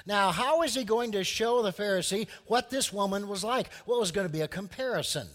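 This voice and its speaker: A man preaching a sermon, telling a story with lively acted-out voices for its people. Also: high voice, brisk, long reverb tail. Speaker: pastor.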